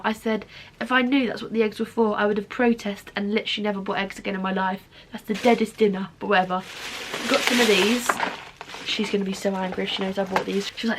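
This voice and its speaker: A woman's voice: a little high, a bit bright. A young woman chatting casually in her bedroom, self-mocking and swearing freely as she shows off her shopping. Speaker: vlogger. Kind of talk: casual chat. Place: bedroom at home.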